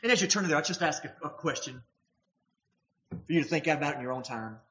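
A man's voice: fairly high pitch, expressive, fairly quick, bright, forceful tone, muffled recording. A man preaching a sermon, emphatic and posing rhetorical questions to his congregation.

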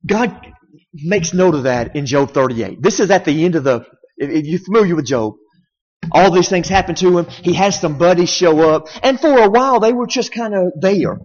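A man's voice: high-pitched, animated, moderate pace, darkish tone. A man preaching a sermon in an emphatic, conversational way, often asking the congregation rhetorical questions. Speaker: pastor. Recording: dull sound in a reverberant hall.

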